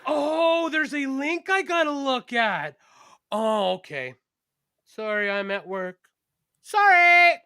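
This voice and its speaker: A man voicing his frazzled sister at a fast-food counter, swearing under her breath. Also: on the high side, fairly bright tone, voice pushed up. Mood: exasperated. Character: harried young woman fast-food worker, exasperated.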